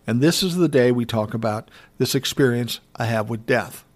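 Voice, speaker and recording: Guy in his 60s doing a solo podcast, just chatting, reflective and candid, normal mid pitch. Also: normal speed. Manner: reflective, candid, conversational storytelling. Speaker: podcast host.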